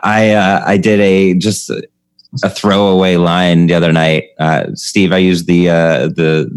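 A man's voice: low-pitched, a little slow, clear, resonant tone, no room sound. A man who hosts a comedy podcast, talking casually about stand-up craft, chatty and laughing often. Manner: chatty, laughs often, animated when telling stories.

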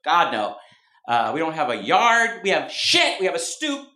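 Wry stand-up comic in a roomy club. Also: male voice, on the high side, wildly swooping pitch, moderate pace. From Mountain View, California. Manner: wry, rambling, self-mocking asides. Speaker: stand-up comedian. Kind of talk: live stand-up set. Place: comedy club stage before a live audience. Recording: roomy live club recording, background noise.

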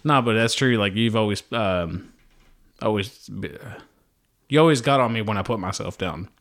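A man's voice: on the low side, moderate pace, a bit bright. A man chatting casually as a podcast guest, rambling with many fillers and restarts. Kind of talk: casual chat.

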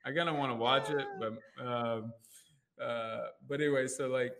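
Animated man coaching in conversation. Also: normal speed, a crowd in the background. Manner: animated, acts out quoted inner voices with jumps in pitch. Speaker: life coach and NLP practitioner. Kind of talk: casual conversational interview.

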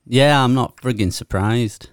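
A man's voice: medium pitch, unhurried, clean tone, no echo, clean studio sound. A man with a Yorkshire accent co-hosting a casual podcast chat, grumbling and swearing as he complains. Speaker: podcast co-host.

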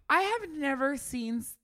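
Sassy, lively woman host. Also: high-pitched. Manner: sassy, dramatic, laughs often. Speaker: podcast host. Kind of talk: casual chat.

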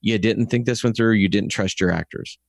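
Animated Texan man, low dry voice. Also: fairly quick, gravelly, no room sound. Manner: animated, rants with acted quotes. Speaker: podcast co-host. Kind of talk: casual review chat.

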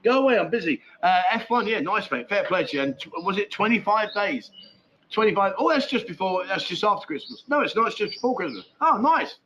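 A man's voice: high-pitched, lively intonation, fairly quick, sharp tone, slight background noise, rough recording. A man hosting a live stream chat show from home, rambling casually through viewer comments, swearing freely and laughing often. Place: at home with a dog nearby.

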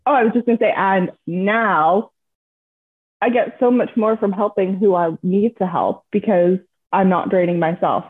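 An earnest, upbeat woman talking about her own routines as a guest on a chat show. Her mid-pitched voice comes through a thin, phone-like line. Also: normal speed, slightly rough. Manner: earnest, upbeat, laughs easily. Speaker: guest, coaching client. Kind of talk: casual interview. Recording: tinny call line.

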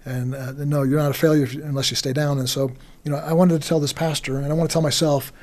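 A man, a pastor, talking reflectively on a podcast in an earnest, halting way with many restarts. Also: a little high, flat delivery, darkish tone.

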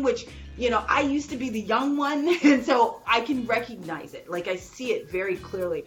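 A woman hosting a podcast interview, bubbly and excitable, laughing often. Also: a little high, normal speed, hardly any pauses, faint music behind. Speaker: podcast host. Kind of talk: enthusiastic interview chat.

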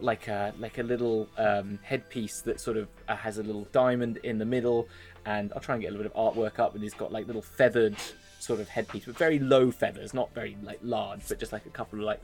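Rambling male dungeon master. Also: medium pitch. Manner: rambling, many fillers and hedges. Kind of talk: narrating a tabletop game.

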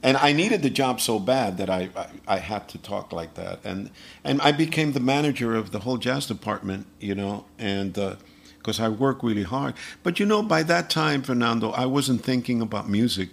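A man's voice: mid-range voice, moderate pace, gravelly. A man, a percussionist and singer, telling stories in a casual interview, acting out the dialogue and chuckling as he goes. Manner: animated anecdote-telling with quoted dialogue and chuckles. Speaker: guest musician, percussionist and vocalist.

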